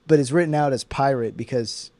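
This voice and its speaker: A man's voice: medium pitch, a little fast, darkish tone, no room sound. A young man co-hosting a casual comedy podcast, rambling with lots of fillers and restarts and laughing often. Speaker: podcast co-host.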